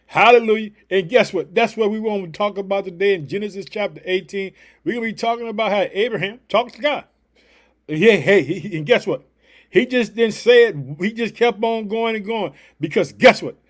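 A man's voice: high-pitched, fairly quick. A man preaching a devotional podcast sermon, fired up and emphatic, leaning on repeated catchphrases.

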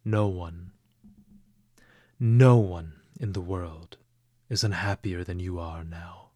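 Man reading a desperate devoted young woman, fervent and pleading, low, slow, dry. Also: vocal fry, dry recording.

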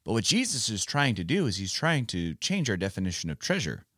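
Animated man hosting a kids' Bible podcast. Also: on the low side, brisk, dry recording, studio quality. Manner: animated, teacherly, playful. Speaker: podcast host. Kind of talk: casual Bible podcast for kids.

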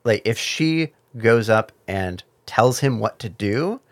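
A man co-hosting a podcast, recapping a miniseries in measured, thoughtful casual chat with hesitant fillers. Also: mid-range voice, animated, no echo. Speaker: podcast co-host.

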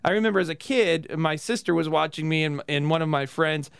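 A man with a high, gravelly voice hosts a casual comedy podcast. He tells his stories in an animated way and laughs often. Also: brisk. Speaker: podcast host.

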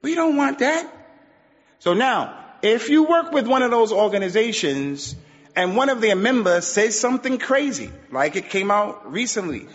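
A man with a high-pitched voice delivers a sermon, hammering his points with emphatic repetition and Arabic phrases. His voice rings with a long hall reverb, and the recording is muffled. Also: big pitch swings, moderate pace. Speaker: preacher.

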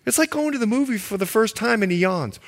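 A man preaching a sermon to a congregation, joking, acting out the lines he quotes, and sometimes shouting. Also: extremely high pitch. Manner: animated, jokey, acts out quotes.

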